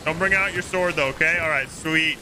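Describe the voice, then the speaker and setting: A man's voice: on the high side, fairly quick, noisy background. A young man hosting a game stream, chatting casually with friends in a playful, joking way and slipping into mock-solemn preaching. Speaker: streamer and host. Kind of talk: casual gaming chat with friends.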